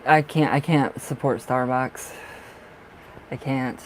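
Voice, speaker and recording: A man's voice: mid-range voice, steady tone, slow, slight background noise, rough recording. A man doing a live tarot reading who chats casually with viewers, gushing and affectionate, often restarting and repeating himself. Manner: chatty with frequent restarts and repeats. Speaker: tarot reader. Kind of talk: casual livestream chat.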